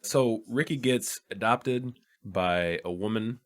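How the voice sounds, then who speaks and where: Low-voiced laid-back podcast co-host, a man. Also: slow. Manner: laid-back, rambling, swears and laughs often. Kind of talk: casual film podcast chat.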